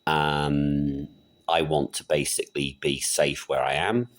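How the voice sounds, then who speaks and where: A man's voice: rumbling low, flat delivery, takes it slowly. A middle-aged man from the UK giving a casual, sarcastic political rant on his vlog. He mocks his targets and often breaks into laughter. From United Kingdom. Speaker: political vlogger. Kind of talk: casual ranting monologue.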